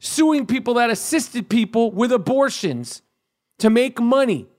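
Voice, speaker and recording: High-pitched ranting man, crude and heated. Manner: animated, crude, rapid-fire ranting with swearing. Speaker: podcast host. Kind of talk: profane comedic rant.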